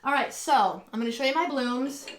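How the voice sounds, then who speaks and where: Woman host, higher voice, rambling live-stream chat from home, excitable with viewers. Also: moderate pace, a little hiss or hum. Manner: chatty and rambling, many ums and restarts; excitable and gushing when greeting viewers. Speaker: live stream host and acrylic pour artist. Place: home, indoors.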